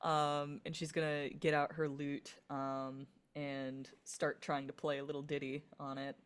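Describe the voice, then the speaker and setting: Woman player at a tabletop game, low voice, lots of ums and likes. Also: little pitch movement, unhurried, clean tone. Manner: casual, filler-heavy describing of her character. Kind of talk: casual tabletop play.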